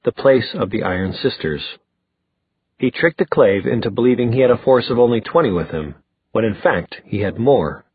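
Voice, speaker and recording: A low-voiced man with a husky tone reads an audiobook, steady and measured. The recording is tinny and phone-like, completely dry with no room sound. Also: no room sound. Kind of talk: scripted audiobook narration.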